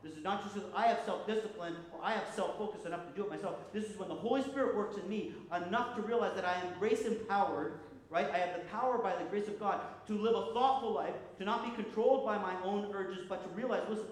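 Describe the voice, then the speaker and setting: A man preaching a sermon as pastor, animated, with frequent restarts and repeated words. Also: high voice, fast. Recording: echoey hall with long reverb.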